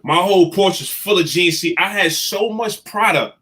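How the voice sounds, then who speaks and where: A man in his thirties telling his life story in a casual chat, animated and emotional. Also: sits high, moderate pace. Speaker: guest.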